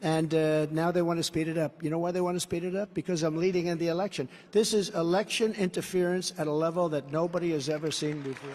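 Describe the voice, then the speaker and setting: A combative older man from the United States speaks at a podium in his seventies, with a voice pitched high for a man. He repeats his points and boasts as he campaigns. A long reverb from the big indoor venue trails each phrase. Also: fairly even intonation, fast, hardly any pauses, a little mellow, slight background noise. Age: 70s. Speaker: political candidate. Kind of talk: campaign rally speech. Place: large indoor rally venue.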